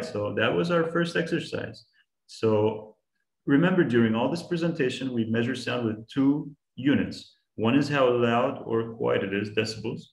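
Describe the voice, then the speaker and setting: A man's voice: medium pitch, echoey room. A man giving an online science class to young students, patient and encouraging, asking them questions as he explains. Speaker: science guest speaker teaching kids.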